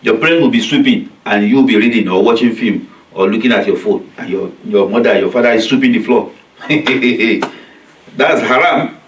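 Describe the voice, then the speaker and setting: A man with a lowish voice preaches at a moderate pace in an echoey community centre hall, picked up by a distant mic with a little hiss or hum. Leading his weekly study circle, he recites Arabic verses, explains them in simple, repetitive English and voices quoted children and parents.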